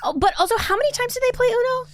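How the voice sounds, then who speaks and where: A woman's voice: very high voice, expressive, rapid-fire, a little hiss or hum. A woman co-hosting a podcast, chatting in a bubbly way and laughing easily. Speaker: podcast co-host. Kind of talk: casual comedic chat.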